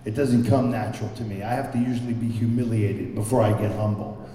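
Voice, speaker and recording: At a recovery meeting, a man tells a personal story candidly and self-deprecatingly, often repeating words as he searches for them. His mellow voice is fairly low with fairly even intonation and a fairly quick pace, recorded from far off in an echoey hall.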